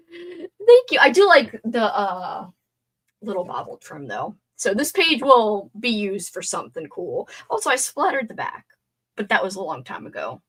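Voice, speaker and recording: Lively chatty woman crafting on a livestream. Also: mid-range voice, breathy edge. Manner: chatty, talks to herself, mildly swearing. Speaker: livestream host. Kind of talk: casual livestream chat while crafting.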